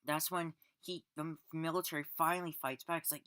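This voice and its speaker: A man's voice: a little high, little pitch movement, fairly quick, bright, forceful tone, clear, resonant tone, no echo, studio quality. A man giving a casual spoken film review, rambling with restarts and fillers and sarcastic, exasperated asides. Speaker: movie reviewer.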